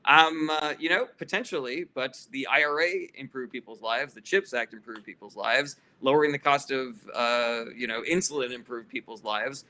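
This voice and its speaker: A man's voice: medium pitch, moderate pace, few pauses, pushed and bright. A man hosting a casual livestream Q&A, reading viewer questions aloud and answering bluntly with swearing and frequent fillers, turning heated and sarcastic with some chatters.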